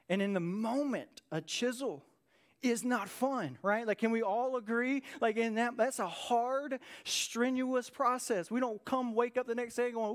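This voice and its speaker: A man preaching a sermon in a high, bright-sounding voice. He speaks to the congregation like he is chatting with them, dropping in quick "right?" tags and briefly acting out the lines he quotes. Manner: acts out short quoted lines in lively voices. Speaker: pastor.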